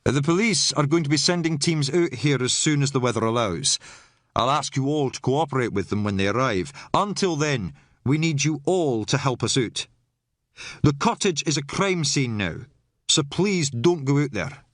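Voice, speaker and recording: A steady, firm male police officer briefing a crowd in an audiobook, as the narrator puts him on, with lively pitch. The sound is dry and close. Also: normal speed, no echo, close to an everyday voice. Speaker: police officer addressing a meeting.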